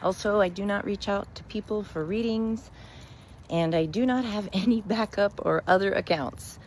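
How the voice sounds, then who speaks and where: A woman storyteller and spiritual reader, telling a fable and reflecting on it in a measured, gentle way. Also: mid-range voice, slight background noise.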